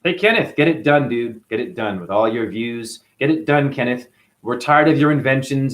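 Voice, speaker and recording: A man's voice: medium pitch, lively intonation, moderate pace. Guy going off on a mocking rant, voice swinging up and down a lot. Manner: combative, mocking, jumpy delivery. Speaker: channel host. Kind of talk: profane ranting monologue to camera.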